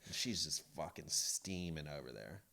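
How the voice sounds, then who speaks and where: A man's voice: extremely low pitch, lively intonation, normal speed, vocal fry, sharp tone. A middle-aged man hosting a podcast, telling loose stories in casual chat, swearing freely and laughing often. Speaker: podcast host.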